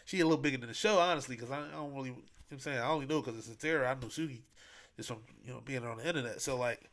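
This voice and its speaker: A man's voice: mid-range voice, racing. A man hosting a podcast, retelling events in casual chat, full of slang and acting out what people said. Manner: animated storytelling, acting out quotes, heavy slang. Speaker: podcast host.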